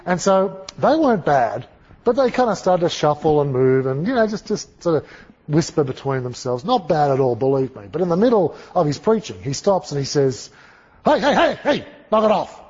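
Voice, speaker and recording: Male speaker, animated storyteller, slightly high, husky voice; lo-fi recording. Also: normal speed. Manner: animated, conversational storytelling with asides. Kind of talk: storytelling sermon. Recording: dull lo-fi recording.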